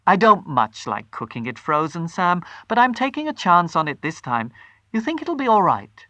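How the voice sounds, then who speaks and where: A storyteller voicing an adult housewife who keeps up a bright, cheerful manner. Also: medium pitch, big pitch swings, moderate pace, dry recording, voice pushed up. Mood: forced bright. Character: anxious housewife, outwardly cheerful, adult woman.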